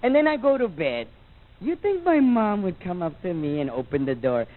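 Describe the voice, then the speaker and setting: Animated Mexican-American stand-up comic. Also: male voice, sits high, moderate pace. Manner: switches between English and Spanish, acts out family voices. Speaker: stand-up comedian. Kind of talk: stand-up comedy set. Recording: tinny, phone-like VHS broadcast audio.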